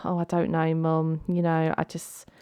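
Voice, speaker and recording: A woman voicing a young, confused runaway bride in a life-sim game, speaking in halting, faltering phrases. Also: low voice, completely flat delivery, warm tone, smooth, no echo. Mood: upset. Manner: hesitant, faltering.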